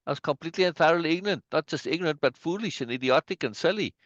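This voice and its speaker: A man's voice: a little high, animated, rapid-fire, a bit bright, no echo. A man hosting a casual video-call chat, speaking emphatically and laughing often. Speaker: host. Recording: dull lo-fi video call audio.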